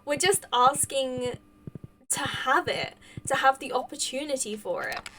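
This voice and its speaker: A woman's voice: sits high, lively intonation, a little slow, fairly bright tone, far from the mic, slight background noise, rough recording. A woman live-streaming a game, chatting casually with viewers and thanking them effusively, rambling with many restarts. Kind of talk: casual chat with live viewers while gaming.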